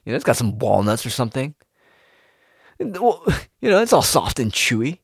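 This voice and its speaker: A man's voice: medium pitch, very animated, normal speed, gravelly, breathy edge, dry recording, clean studio sound, heavily acted. A man voicing a bewildered early primate discovering a cookie, raising his voice in awe. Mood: baffled. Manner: awed, baffled, raised voice.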